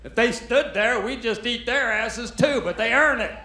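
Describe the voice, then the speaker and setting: A man's voice: extremely high pitch, moderate pace, pushed and bright. An American man doing brash, profane stand-up comedy on a club stage. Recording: roomy club with crowd noise. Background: audience laughter.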